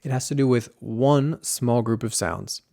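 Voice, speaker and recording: A man teaching pronunciation in a video lesson, slowly demonstrating sounds with careful repetition. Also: mid-range voice, vocal fry, warm tone, no echo, studio quality.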